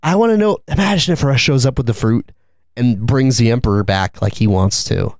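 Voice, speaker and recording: A male podcast co-host rambling excitedly in casual chat, his pitch leaping up and down as he gets carried away. He laughs and swears freely, and the recording is dry and close, with no room sound. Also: a little fast, no echo.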